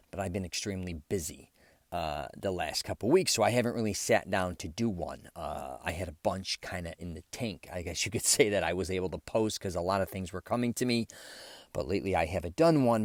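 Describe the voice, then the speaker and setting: A man's voice: on the low side, no room sound, clean studio sound. A man hosting his own solo podcast, talking candidly and rambling a little, with many fillers as he reflects on his own behavior. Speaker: podcast host. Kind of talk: casual solo podcast monologue.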